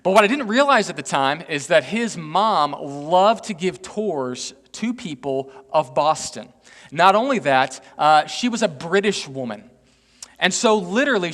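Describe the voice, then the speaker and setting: A man's voice: sits high, fairly bright tone. A male pastor from Texas giving a chatty, self-mocking sermon, often tossing "right?" to the congregation. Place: church sanctuary. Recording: echoey church hall.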